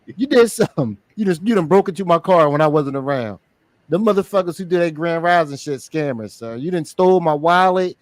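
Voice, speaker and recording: A man in casual podcast chat, talking in an animated, profane, joking way. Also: on the high side, fairly quick, no room sound.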